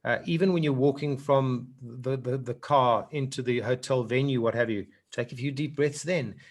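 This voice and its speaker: A man's voice: mid-range voice, moderate pace. A South African man talking to a speakers' group as a public speaking trainer. He wanders into anecdotes and keeps restarting his sentences. His voice sits in a middling range. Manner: rambling and anecdotal, with many restarts.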